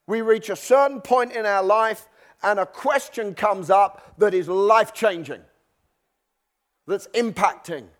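A man's voice: high-pitched, a little slow. A man preaching a sermon in a church, talking conversationally and acting out the voices of struggling believers.

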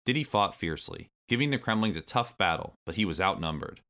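Deep bright-toned guy reading a kids storybook, lively up and down. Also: fairly quick. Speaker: narrator. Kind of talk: storybook read-aloud.

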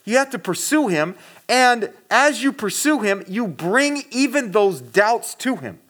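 A man with a high voice gives a casual sermon to a gathered congregation. He speaks earnestly and straight to his listeners. His talk is loose, with many fillers and restarts. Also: sing-song, a little slow, fairly bright tone. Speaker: pastor.

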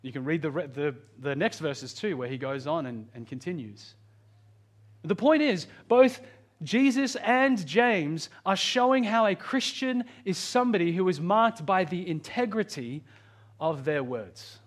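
A man delivers a sermon in an earnest, pastoral tone. His voice sits fairly high for a man. He slows right down on key phrases and rushes through asides. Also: lively intonation. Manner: earnest, varies pitch and pace for emphasis.

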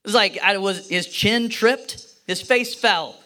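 Man preaching, high voice, bright tone, storytelling, playful, acts out voices. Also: measured pace. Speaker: pastor. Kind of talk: sermon with personal story.

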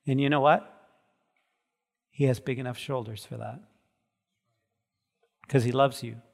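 A man preaching a sermon as pastor. He moves from soft, quiet passages to loud, emphatic peaks. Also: medium pitch, steady tone, measured pace, creaky. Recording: long reverb of a large hall.

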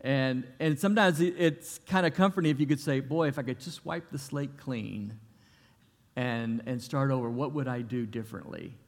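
Folksy pastor in a reverberant hall. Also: male voice, medium pitch, normal speed. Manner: folksy, conversational, with many restarts. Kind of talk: sermon with prayer and storytelling. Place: church.

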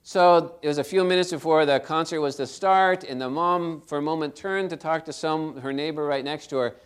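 Storytelling male pastor, fairly high voice. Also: fairly quick, clean tone. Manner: storytelling, swings between loud and soft. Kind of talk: sermon.

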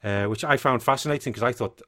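A man's voice: medium pitch, fast talker, fairly bright tone. A man co-hosting a casual podcast, reading notes with chatty asides. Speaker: podcast co-host.

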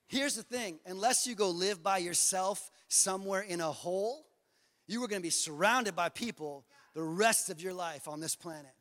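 Preacher guy with a real high voice, fired up, big reverby church hall. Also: expressive, normal speed. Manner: passionate, repetitive, rising to shouts. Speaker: pastor. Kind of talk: sermon.

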